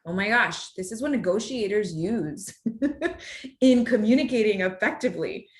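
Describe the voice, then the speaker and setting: A woman giving a live workshop to an audience in a room, talking in an animated, conversational way and addressing the audience directly. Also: a little high. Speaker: workshop speaker. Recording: roomy echo.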